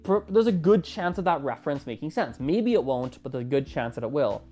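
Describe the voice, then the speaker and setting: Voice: medium pitch, fairly quick. A podcast host in their twenties, talking casually and with animation on a solo episode. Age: 20s. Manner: chatty and animated, with a lively rising delivery.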